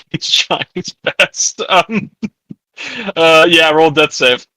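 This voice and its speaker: Guy dming a tabletop game, lots of ums and likes, bright voice, dry mic. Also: fairly high pitch, takes it slowly, no room sound, poor audio. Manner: casual, many ums and likes, laughs often. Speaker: game master.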